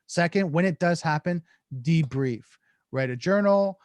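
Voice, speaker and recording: A man's voice: on the high side, lively intonation, a little slow, darkish tone, no room sound. Earnest man explaining with acted examples. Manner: earnest, acts out sample dialogues, many restarts. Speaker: podcast guest, negotiation coach. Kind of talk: casual explanatory podcast talk.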